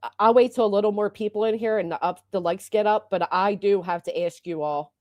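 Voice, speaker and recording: A livestream host talks fairly quickly in a mid-range voice, on a dry recording with dull audio. Upset and agitated, she delivers an indignant rant full of profanity.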